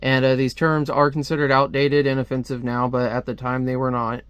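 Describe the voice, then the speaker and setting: Rambling male comic reviewer, crisp dry voice. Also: mid-range voice, monotone, fairly quick, hardly any pauses, a bit bright, dry recording. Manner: rambling, lots of "like" and restarts. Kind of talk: casual video review.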